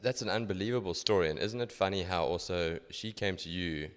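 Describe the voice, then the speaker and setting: A man hosts a podcast with upbeat enthusiasm. His voice is low-pitched, and he introduces his guest and prompts the conversation warmly. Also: a little fast, smooth. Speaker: podcast host. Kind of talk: casual podcast interview.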